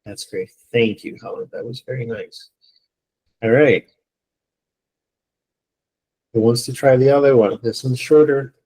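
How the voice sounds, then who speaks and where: A man's voice: mid-range voice, measured pace, long pauses, a little mellow, slightly rough. A man teaching an online English class, playful and encouraging, joking with his students.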